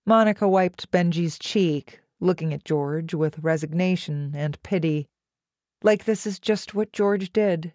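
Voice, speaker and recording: A woman narrating an audiobook with an even, measured reading. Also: on the low side, dry recording.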